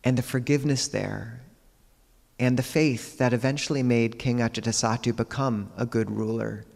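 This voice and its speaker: A man, a Buddhist monk, giving a dharma talk, telling teaching stories in a calm, measured way with quiet pauses. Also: mid-range voice, gravelly, long reverb tail.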